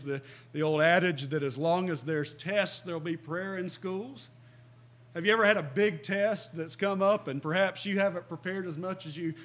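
A middle-aged man preaches with a high-pitched voice. He is earnest and emphatic, reads passages of scripture aloud and stops to ask his listeners questions. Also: a bit bright. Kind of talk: sermon.

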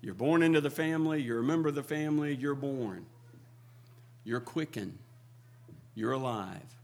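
A man preaching a sermon, moving between hushed, quiet passages and loud, fervent build-ups as he quotes scripture. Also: mid-range voice, normal speed, vocal fry.

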